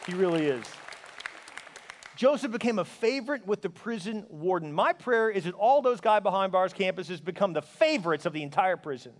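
A man's voice: high voice, expressive, normal speed, a faint crowd, slight background noise. A man preaching a sermon as a pastor, emphatic and exhorting, with playful asides. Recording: long reverb of a large hall.

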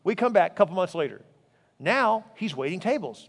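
A man preaching a sermon as pastor, telling stories in an animated way. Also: a little fast, long reverb tail. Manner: animated storytelling, voice rising high in anecdotes.

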